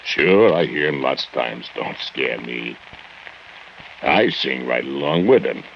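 An actor playing a bitter immigrant foundry laborer who speaks slow, broken English, in 1940s radio acting. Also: male voice, very deep voice, lively intonation, a little hiss or hum, exaggerated voice. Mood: brooding. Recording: dull lo-fi old radio recording with music.

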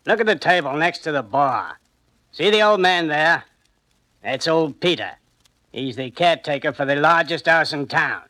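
A cool pickpocket who speaks tersely and matter-of-factly. His voice is bright and a bit high. It is recorded dry. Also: animated, moderate pace, no echo, rough recording. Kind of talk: old-time radio drama acting.

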